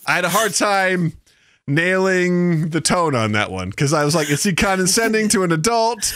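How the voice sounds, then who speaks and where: A man hosting a podcast in casual chat, lively and jokey, often laughing. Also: high-pitched, normal speed, no echo, studio quality. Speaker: podcast host.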